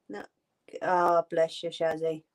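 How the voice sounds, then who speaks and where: A woman's voice: lowish voice, darkish tone. A woman hosting a craft live stream, chatting casually and answering her viewers' comments.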